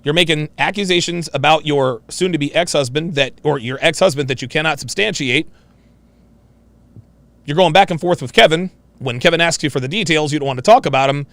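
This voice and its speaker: A man's voice: a little high, fairly quick, a bit bright, no room sound. A man giving mocking, emphatic reaction commentary on a played clip.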